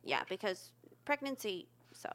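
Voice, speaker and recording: A woman's voice: mid-range voice, sing-song, measured pace, fairly bright tone. Brief: woman podcast host, earnest, hesitant, lots of "um," casual. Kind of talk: casual comedic chat.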